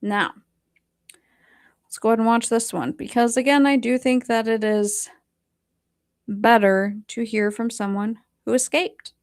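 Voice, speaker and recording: Slow-talking blunt profane woman. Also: a little high, steady tone, darkish tone. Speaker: host. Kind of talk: casual reaction commentary.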